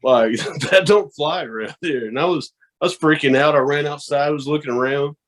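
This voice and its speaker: Animated, profane man telling stories. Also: fairly high pitch, normal speed. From American South. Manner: animated, profane, laughs through stories, acts out voices. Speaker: guest, horror host and wrestling promoter. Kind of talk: casual podcast storytelling.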